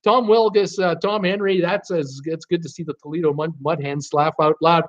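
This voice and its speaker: Chatty man hosting a live trivia stream, slightly higher voice, dull lo-fi audio, lots of ums. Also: steady tone, moderate pace. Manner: chatty, reads viewer names and answers, frequent uh fillers. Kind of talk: casual live-stream chat.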